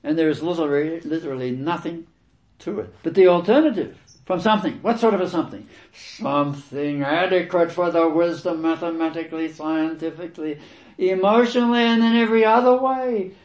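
A man preaching through scripture, reading verses and commenting on them with emphatic, repeated key words and sudden loud stresses. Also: on the high side, fairly quick, echoey room, highs cut off.

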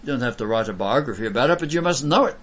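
Husky guy preaching, really lively up and down, goes loud then quiet. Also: medium pitch, very fast, rough recording. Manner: emphatic, with sudden swings from loud to soft. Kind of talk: sermon.

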